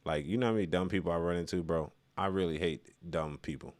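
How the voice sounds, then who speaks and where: Man, very deep voice, dry close sound, casual live-stream commentary, rambling. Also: quick pace, a little mellow, no echo. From Chicago. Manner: loose and rambling, laughing at his own remarks.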